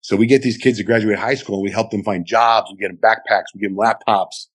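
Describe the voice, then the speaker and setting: A middle-aged radio host with a fast, husky voice tells a long story during an interview. He's lively and acts out the quotes with big jumps in pitch.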